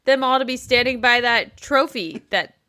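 Bright high-voiced woman, sarcastic. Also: normal speed, no room sound, studio quality. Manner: exasperated, sarcastic, swears. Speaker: podcast co-host. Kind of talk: casual chat about reality TV.

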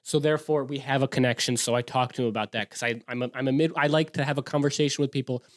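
A young man from Wisconsin, a show host, telling a story in an excitable, rambling, profane way with frequent restarts. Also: mid-range voice, rapid-fire. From Wisconsin, US Midwest. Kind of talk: casual storytelling monologue.

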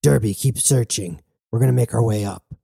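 A man reads a ruthless male mercenary commander in a very dark, mellow voice. He barks curt, profane orders. The sound is dry and close. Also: mid-range voice, a little fast, gravelly, husky, dry recording. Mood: gruff.

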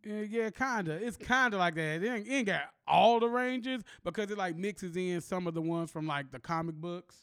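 Guy hosting a chill podcast, high voice, laughs a lot, dry close sound. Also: normal speed, hardly any pauses, clean tone, no echo. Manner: laughs often, slangy and animated. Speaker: podcast host. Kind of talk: casual chat.

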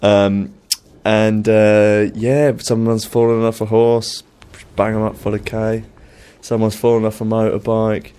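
A man's voice: lowish voice, flat delivery, unhurried, few pauses, dark tone, clear, resonant tone. A young man telling rambling anecdotes in casual chat, with plenty of fillers and laughter.

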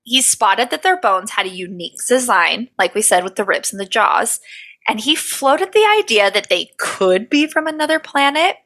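A woman's voice: on the high side, lively intonation, normal speed, bright, forceful tone, poor audio. A woman co-hosting a casual podcast, reading her research notes aloud with profane, jokey asides. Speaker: podcast co-host.

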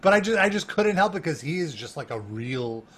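A man telling a story in a casual chat, animated and laughing, full of fillers and restarts. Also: on the high side, a little fast. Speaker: guest.

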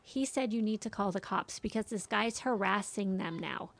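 A woman's voice: medium pitch, moderate pace, no room sound. A middle-aged woman, a mother, telling a story in casual chat and acting out what others said. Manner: animated storytelling, quoting others.

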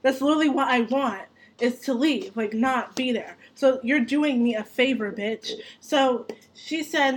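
Young adult woman host, slightly high voice, animated and profane casual storyteller. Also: normal speed. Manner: animated, profane, laughs through her story.

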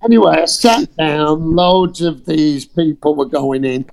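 Animated gravelly man telling stories. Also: on the high side, unhurried. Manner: animated storyteller acting out quotes, swearing freely. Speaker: actor telling an audition story. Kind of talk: casual anecdote on a podcast.

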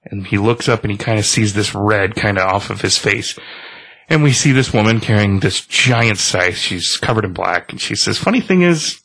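A man casually recapping a comic book story in a relaxed, rambling way. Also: fairly low pitch, normal speed. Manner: relaxed, rambling retelling with fillers.

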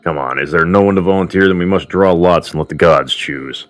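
A testy old counselor scolds in a dry voice, as a man reads his part. The voice sits very low, with soft music underneath. It is told in a storyteller's manner. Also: fairly quick, close to an everyday voice. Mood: scolding.

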